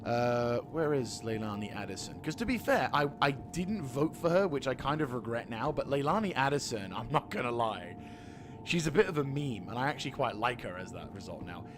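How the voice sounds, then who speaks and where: A man's voice: medium pitch, big pitch swings, fairly quick, noisy background. A British man in his thirties streaming a game, talking in a rambling, sweary and self-deprecating way. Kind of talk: casual gameplay commentary.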